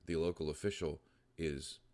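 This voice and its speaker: A man reading out the lines of a pushy male scammer in a flat, matter-of-fact way. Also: rumbling low, moderate pace. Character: scheming male scammer, pushy about money.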